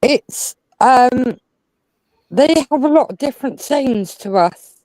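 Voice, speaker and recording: A woman's voice: high-pitched, expressive, slow, mellow, no room sound, low-quality recording. A woman chatting on a live stream, talkatively explaining things with examples. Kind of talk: casual live-stream chat.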